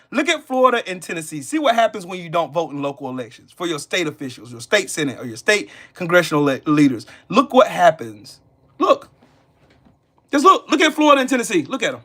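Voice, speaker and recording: A Southern American man hosting a live stream, his voice bright and high for a man. He talks bluntly and profanely and hammers his points through repetition. He keeps breaking off to answer the chat. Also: big pitch swings, brisk. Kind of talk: live stream politics rant.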